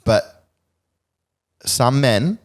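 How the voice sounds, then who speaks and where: A man's voice: medium pitch, drawn-out words. A young Australian man co-hosting a podcast, giving blunt opinions in casual chat. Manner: blunt, animated, mimics voices in anecdotes. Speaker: podcast co-host.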